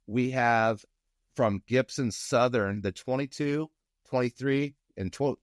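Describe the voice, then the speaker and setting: A man's voice: medium pitch, no room sound, studio quality. A man hosting a podcast, upbeat and joking as he introduces guests in casual chat. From Indiana, USA. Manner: upbeat, laughing, quick introductions. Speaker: podcast host.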